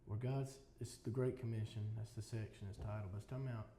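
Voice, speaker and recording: A man's voice: lowish voice, steady tone, fast, dark tone, slight background noise. A man as a podcast guest, talking in a casual interview with earnest, reflective storytelling. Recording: roomy echo with faint ambience.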